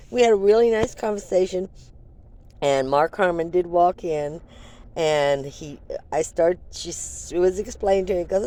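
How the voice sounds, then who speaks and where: A woman's voice: fairly low pitch, expressive, a little slow, mellow. An older woman vlogger telling a rambling, chatty story full of fillers. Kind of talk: casual storytelling.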